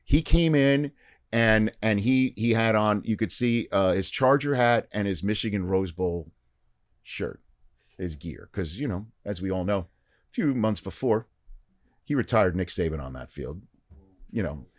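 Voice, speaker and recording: A man on a podcast as a guest, telling a long story in casual chat and acting out the quoted lines with lively shifts. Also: lowish voice, a little slow, dry recording, studio quality. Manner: animated storyteller, acts out quoted dialogue. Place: podcast studio.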